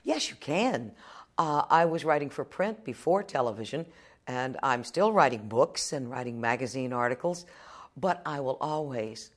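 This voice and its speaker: A woman in her fifties from Texas talks in a low, deep voice. She answers questions as a veteran television journalist. She is plainspoken and wry, turning her points into short stories. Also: normal speed. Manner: wry storyteller, plainspoken and lively. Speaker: television journalist, interview guest. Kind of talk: casual interview answers.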